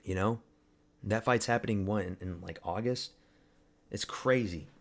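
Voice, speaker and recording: A young man from Canada streaming live, rambling loosely and swearing freely as he mocks fighters and talks back to his chat. His voice sits a little low and easy. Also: measured pace, vocal fry.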